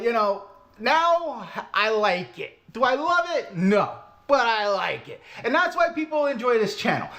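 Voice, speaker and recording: Middle-aged man, Brooklyn Italian-American accent, frank channel host, high bouncy voice. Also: a bit bright. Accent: Brooklyn Italian-American New York. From Brooklyn, New York. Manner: blunt, self-mocking, swears casually. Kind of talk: casual live-stream chat.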